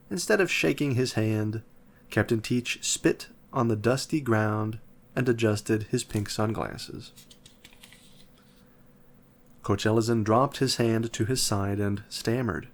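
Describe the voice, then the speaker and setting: A man calmly reading a children's chapter book aloud. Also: lowish voice, a little slow. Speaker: narrator. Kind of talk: storybook reading.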